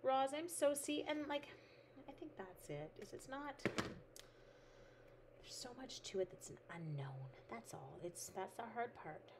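This middle-aged woman speaks slowly in a high, very animated voice against background noise. During her card-making livestream she chats casually, reads out viewer comments, and talks to her materials.

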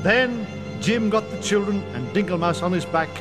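A man reading a children's story aloud in a playful, animated way. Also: high-pitched, moderate pace, over loud music.

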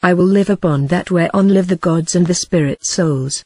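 A synthetic text-to-speech voice reading an ancient text aloud in an even recited cadence, even speaking the punctuation. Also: mid-range voice, normal speed, breathy edge, no room sound. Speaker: audiobook reader. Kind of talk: scripted narration of an ancient text.

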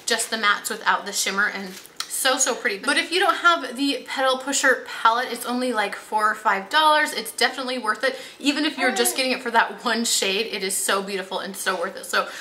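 A woman's voice: a little high, a little fast, pushed and bright, a little hiss or hum, low-quality recording. A young woman beauty vlogger chatting casually to viewers about her favorite makeup, upbeat and gushing. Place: home room with toddler nearby.

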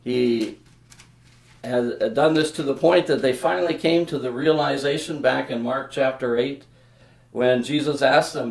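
A man from Canada preaching a sermon as a pastor, speaking in an unhurried, earnest way with some fillers and restarts. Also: medium pitch, steady tone, vocal fry, darkish tone. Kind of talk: sermon with scripture reading and prayer. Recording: roomy echoing church sound.

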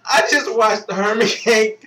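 A woman's voice: on the high side, normal speed, fairly bright tone. Woman laughing through a roomy video rant. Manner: talks through constant fits of laughter. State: laughing to tears. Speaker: vlogger. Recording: echoey room.

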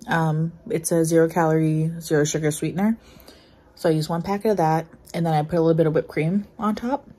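A woman's voice: low-pitched, steady tone, brisk, warm tone, poor audio. A young woman in her twenties chatting casually in a home vlog, bubbly and rambling with lots of fillers. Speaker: vlogger. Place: at home, indoors.

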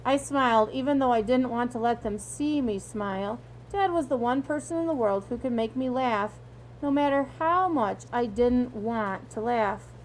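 A woman's voice: on the high side, normal speed, a little hiss or hum, poor audio. A woman reading a novel aloud in an informal way, with small slips and restarts. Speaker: audiobook reader.

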